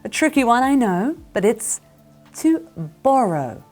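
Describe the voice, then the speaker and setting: A woman teaching English to camera, drilling vocabulary and repeating words slowly with encouragement. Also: fairly high pitch, animated, darkish tone, faint music behind.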